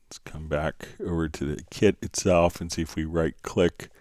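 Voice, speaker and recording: A man hosting a live software tutorial, answering viewer questions and thinking aloud as he clicks through menus. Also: very deep voice, steady tone, normal speed, no echo, studio quality. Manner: thinking aloud, many fillers.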